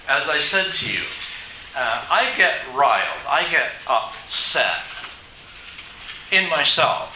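Preacher guy, really bright tense voice, fairly high, asks the room questions, echoey church. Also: sing-song, slow pace, long pauses, recorded from a distance, a little hiss or hum. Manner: emphatic, asks the congregation rhetorical questions. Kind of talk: sermon. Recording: echoey hall.

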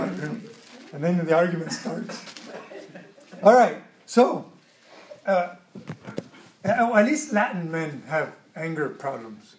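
A man preaching a sermon, emotional and expressive, acting out quotes with sudden loud outbursts. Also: on the high side, slow pace, pauses often, echoey room, slight background noise. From Mexican background.

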